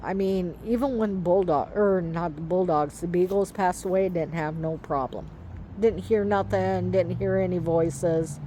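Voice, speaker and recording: A woman vlogger in middle age tells a story outdoors, slowly and hesitantly. Her voice sits a little low, and she fills her pauses with ums and likes. Faint outdoor noise runs under her voice. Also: warm tone. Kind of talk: casual storytelling to camera.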